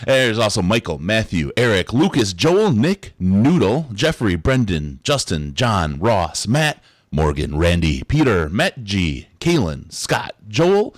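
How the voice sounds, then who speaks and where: A man hosting a live sports podcast, running through announcements in an upbeat, animated way. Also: on the low side, slow, no room sound. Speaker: podcast host.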